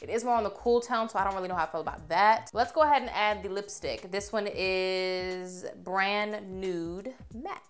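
A young woman reviewing makeup on camera in a chatty, expressive way, gushing over what she tries. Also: medium pitch, normal speed, few pauses. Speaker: beauty vlogger.

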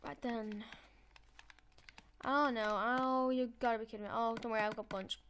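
A woman's voice: on the high side, steady tone, normal speed, a bit bright, slight background noise. A woman giving chatty let's-play commentary, talking to herself as she builds and playfully gloating at the game. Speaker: gameplay channel host.

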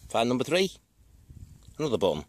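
A man commenting on his dig finds outdoors in a deadpan, dryly understated way, some distance from the camera. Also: mid-range voice, a little fast. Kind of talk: casual commentary.

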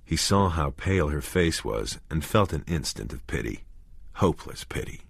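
A man narrating an audiobook in a measured, expressive way. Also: rumbling low, vocal fry, breathy edge, dry recording, studio quality.

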